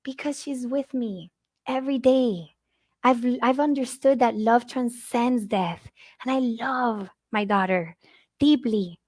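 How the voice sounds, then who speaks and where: A middle-aged woman with Spanish as her first language speaks to a conference audience in earnest, heartfelt tones, often repeating a word while she finds the next one. Her voice sits a little high and sounds close and dry, with no room around it. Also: takes it slowly, darkish tone, dry recording. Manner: earnest, repeats words when searching for them. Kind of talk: heartfelt inspirational talk.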